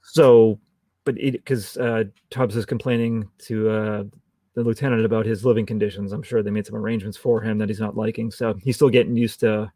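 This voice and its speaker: A man's voice: lowish voice, little pitch movement, brisk, warm tone, no room sound. A man co-hosting a podcast, chatting casually about a TV episode, chatty and laughing often as he acts out lines from scenes. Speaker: podcast co-host. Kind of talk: casual chat reviewing a TV episode.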